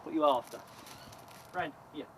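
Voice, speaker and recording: A man's voice: a little high, moderate pace. A man who keeps birds, chatting casually and coaxing his birds as he handles them outdoors. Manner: coaxing and affectionate toward the birds. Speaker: bird keeper. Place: outdoors among bird enclosures. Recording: noisy outdoor field recording.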